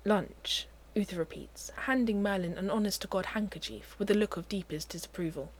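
Expressive woman narrating a story. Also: mid-range voice, brisk, slight background noise. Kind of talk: audiobook reading of fiction.

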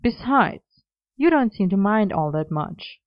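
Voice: mid-range voice, very animated, measured pace, no room sound, dull audio, voice pushed up. A narrator voicing a playful, teasing young man in a story reading, with a smug, sing-song way of talking. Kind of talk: audiobook reading of a romance story.

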